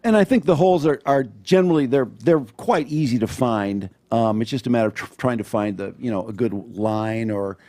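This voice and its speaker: A man guesting on a podcast, talking over how he writes comedy. His voice sits at an ordinary middle pitch, and he speaks in a measured, reflective way, pausing on ums as he thinks. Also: warm tone. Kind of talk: casual chat.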